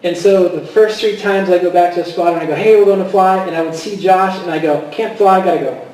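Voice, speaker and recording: A middle-aged man giving a personal testimony, speaking haltingly with many fillers and restarts and often quoting himself. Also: high-pitched, fairly even intonation, a little mellow. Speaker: guest speaker. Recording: echoey hall from far off.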